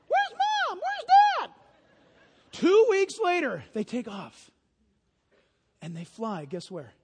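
A man preaching a sermon as pastor, telling stories with lively imitations of honking geese. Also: very high-pitched, big-room sound.

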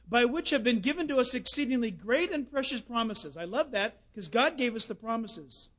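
A man preaching a sermon, telling folksy stories and swinging between loud bursts and hushed asides. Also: extremely high pitch.

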